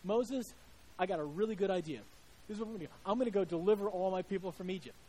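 A man's voice: high voice, fast, warm tone, slightly rough. A man preaching voices God as a patient deity, first casual, then solemn and declaring. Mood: breezy. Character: God, patient and all-powerful male deity.

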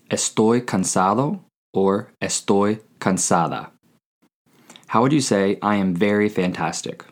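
Male language teacher with a low voice, reads a scripted lesson, repeats each word slowly. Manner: slow, clear repetition of words. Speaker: Spanish teacher.

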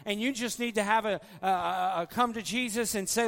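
A man's voice: high-pitched, brisk, vocal fry, fairly bright tone. A man preaching an earnest, folksy sermon as pastor, pleading with his congregation at the altar call. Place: church sanctuary. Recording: long hall reverb, faint music.

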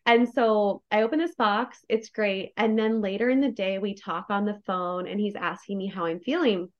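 In a dull lo-fi recording, a woman with a mid-range voice speaks at a moderate pace with fairly even intonation. Appearing as a podcast guest, she shares a personal story with effusive, emotionally open candor, peppering it with "like."

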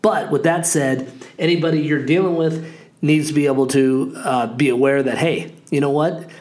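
A man's voice: on the high side, fairly even intonation, normal speed, a little mellow. A man in his forties, a real estate agent hosting a podcast, talking in a casual, upbeat and rambling way with lots of fillers. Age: 40s. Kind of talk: casual monologue.

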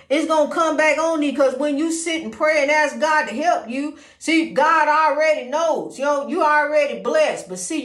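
Her voice sits high and the recording is reverberant. She's a podcast host giving casual, faith-based encouragement, rambling in a folksy way full of "you know."

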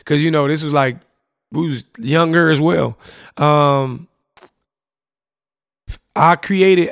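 A young man talking through memories of an old relationship, loose and candid, dropping slang and the odd curse. His voice sits a touch high for a man and has a gravelly, fried edge. It is recorded close and dry, with no room sound. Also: fairly bright tone, no room sound. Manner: casual, candid storytelling with slang, profanity and frequent "you know what I'm saying". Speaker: podcast host. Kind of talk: reflective personal monologue.

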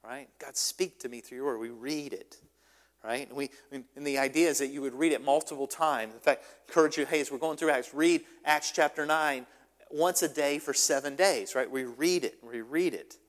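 A man's voice: mid-range voice, normal speed. Man preaching in a reverberant hall. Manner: lively preaching with repeated "right?" and restarts. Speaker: pastor. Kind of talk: sermon.

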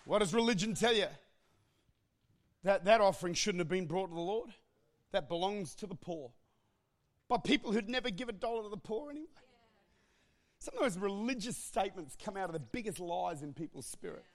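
High-voiced preacher, impassioned. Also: male voice, animated, brisk, long pauses. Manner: impassioned preaching, often shouting, with joking asides. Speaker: pastor. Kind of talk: sermon.

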